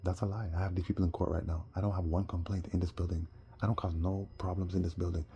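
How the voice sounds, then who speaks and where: A man telling a rambling personal story, animated and sometimes heated. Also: low-pitched, quick pace. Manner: animated, rising to heated outbursts.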